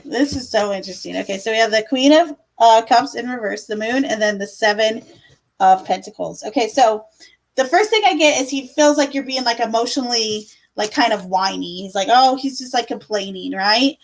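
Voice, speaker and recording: With a somewhat high voice at a moderate pace, a young woman gives laid-back tarot readings to her livestream audience. She's chatty, full of fillers, and calls people "love" and "my dear"; the recording is rough.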